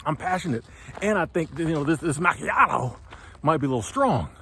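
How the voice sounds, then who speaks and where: A man, hosting his own channel and delivering an impassioned motivational monologue, preachy and animated, sometimes stumbling over his words. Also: a little high, brisk, slight background noise. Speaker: channel host.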